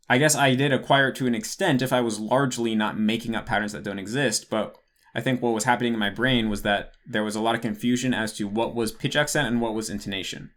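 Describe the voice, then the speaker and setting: In a medium-pitched voice with a fairly bright tone, a young man runs a casual Q&A monologue for his patrons. He rambles, corrects himself often, and leans heavily on "like."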